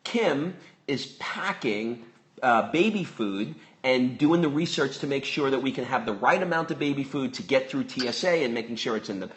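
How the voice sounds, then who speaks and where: A man's voice: mid-range voice, expressive, normal speed, a bit bright. A man co-hosting a podcast live, chatting casually, repeating himself and restarting sentences. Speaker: podcast co-host. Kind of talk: casual live-stream chat. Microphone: live phone stream.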